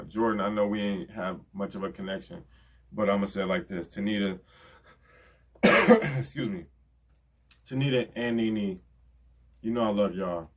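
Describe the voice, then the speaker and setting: A man, talking earnestly and casually as he thanks the people in his life. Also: on the low side. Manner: earnest, repeats "you know what I'm saying". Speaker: rapper giving album shout-outs. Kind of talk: casual heartfelt talk.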